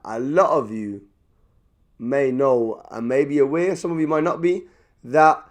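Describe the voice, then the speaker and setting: A young man talking casually to camera as he eats at a table. He is lively and chatty, repeats himself, and goes quieter once he starts eating. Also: fairly high pitch. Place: indoors at a table.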